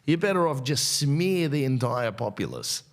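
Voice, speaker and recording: A man, a comedian and podcast host delivering a rambling, profane rant. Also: normal speed. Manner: rambling, profane and provocative, with lively pitch swings.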